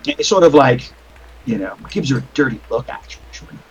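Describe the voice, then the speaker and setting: A man's voice: medium pitch, lively intonation, a little fast, breathy edge, rough recording. A man narrating as game master of a tabletop game over a voice call, rambling with many fillers and restarts.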